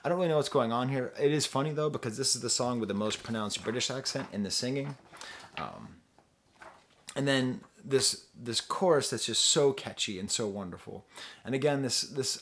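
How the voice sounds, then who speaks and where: Man, casual album review, rambling, self-interrupting, mid-pitched voice. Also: a bit bright. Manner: rambling, self-interrupting, sings snippets in falsetto. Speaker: music reviewer.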